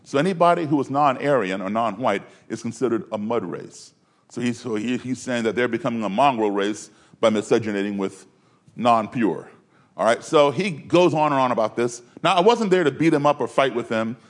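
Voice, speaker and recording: A man's voice: medium pitch, expressive, fairly quick. A man from Maryland telling a personal story in a conversational way, with fillers and restarts. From Maryland, USA.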